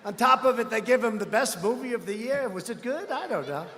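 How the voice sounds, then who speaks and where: A man giving a rambling, boastful campaign rally speech, often breaking into shouts. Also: very high voice, expressive, a little fast. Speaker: political speaker at a rally. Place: large rally hall. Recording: echoey hall with long reverb.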